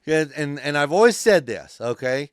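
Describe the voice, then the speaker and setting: A man on a podcast spins a story with a lively voice that jumps up and down in pitch, cursing at every turn and acting out the people in it. His voice is smooth and full, and the room is dry and close. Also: moderate pace, no echo. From California. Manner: animated, swears constantly, acts out voices in his stories. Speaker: podcast host. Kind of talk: casual profane storytelling. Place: podcast studio.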